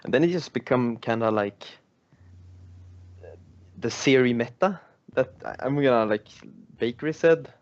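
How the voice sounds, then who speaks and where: A man's voice: mid-range voice, unhurried, long pauses. Hesitant man on a muffled call. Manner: hesitant, searching for words. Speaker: esports player guest. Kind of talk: casual chat.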